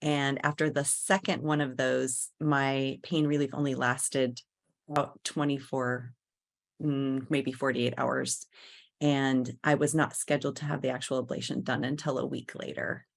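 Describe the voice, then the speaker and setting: A woman's voice: very deep voice, level tone, a little slow, vocal fry. A woman guest in an interview, telling a personal story in a candid, earnest way.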